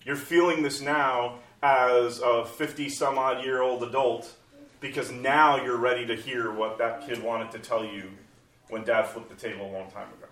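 A man's voice: medium pitch, steady tone, normal speed, fairly bright tone. A man in his forties, a pastor, talking conversationally and animatedly, acting out inner voices as he goes. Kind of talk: conversational church talk. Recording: roomy sound from a distant mic.

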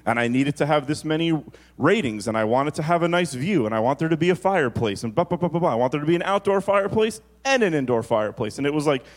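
A man preaching a sermon as pastor, moving from quick storytelling to slow, drawn-out emphasis on key phrases. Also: fairly high pitch, animated.

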